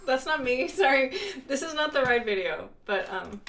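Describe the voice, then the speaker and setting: A woman's voice: sits high, lively intonation, moderate pace, vocal fry, background noise. A young woman from Mexico chatting casually on a live stream, giggly and full of "like" fillers, switching between English and Spanish.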